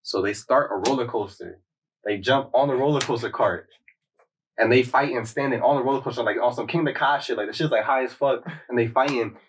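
A young man in casual chat, retelling a show in a loose, slangy, animated way. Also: medium pitch, fairly quick, distant mic, slight background noise, poor audio. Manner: loose, slangy storytelling with frequent "like" and laughter. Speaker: podcast co-host recapping a show.

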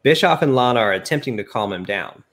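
A man reads a game's wrestling story aloud to friends in a loose, joking way. His voice sits at a medium male pitch. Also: animated, fast, fairly bright tone. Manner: reads game text aloud, laughing at himself. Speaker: narrator of a game playthrough. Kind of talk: casual narrated playthrough with friends.

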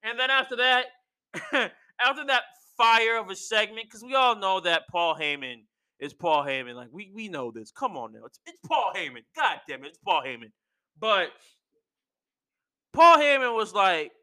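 A young man talks in an animated, slang-filled recap. His voice sits high and very bright. It is smooth and clear. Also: normal speed. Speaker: wrestling recap vlogger. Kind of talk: casual excited recap.

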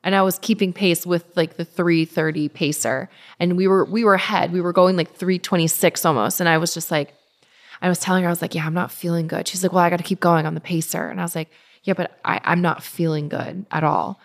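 A woman's voice: fairly low pitch, brisk. Chatty woman in her thirties. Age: 30s. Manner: animated retelling with many fillers, voicing others. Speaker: guest. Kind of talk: casual storytelling interview.

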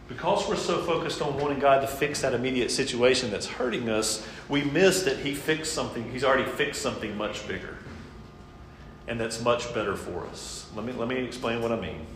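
Guy preaching a sermon in a church, earnest, gets loud then goes quiet, big echoey room. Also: medium pitch, normal speed. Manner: earnest, emphatic, dropping to quiet intensity. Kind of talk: sermon with scripture reading. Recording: echoey hall, faint background noise.

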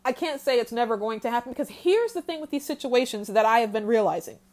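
A woman's voice: on the high side, lively intonation, darkish tone. Heated woman ranting solo. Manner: heated, exasperated, talks straight without pausing. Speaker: podcast host. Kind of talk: solo commentary rant.

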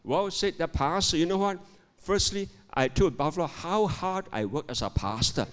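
A man's voice: on the high side, lively intonation, moderate pace, close to an everyday voice. An older man voicing a self-mocking village pastor in a joke, in a church hall. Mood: wry. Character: wry, underpaid male village pastor. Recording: long hall reverb.

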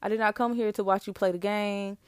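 A young woman rants about relationships in a casual, sassy and emphatic way. Her voice sits at a middling pitch, and she is recorded dry and close. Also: fairly quick, smooth, no room sound. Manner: sassy, animated, emphatic with laughs. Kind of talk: casual relationship rant to camera.

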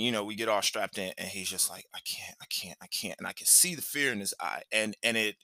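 Man with a sharp, bright voice. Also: on the low side, dry recording. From Cleveland, Ohio, USA. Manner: loose and conversational, full of "like" and "you know". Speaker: podcast host. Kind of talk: casual personal storytelling.

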